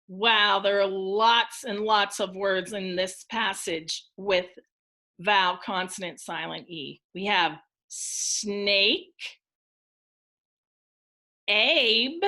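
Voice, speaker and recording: A woman teacher giving a recorded phonics lesson to young children, speaking in an encouraging way and enunciating each word clearly. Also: medium pitch, very slow, pushed and bright. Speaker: elementary school teacher.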